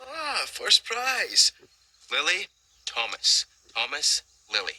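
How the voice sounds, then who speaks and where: Un petit contrôleur magique désinvolte et farceur, à la voix aiguë et très mélodieuse, sur fond de musique. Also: male voice, a little high, wildly swooping pitch, takes it slowly, bright, forceful tone, slightly rough, full character voice, poor audio. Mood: breezy. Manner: breezy, flippant, jokey. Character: cheeky young male magical conductor, easygoing.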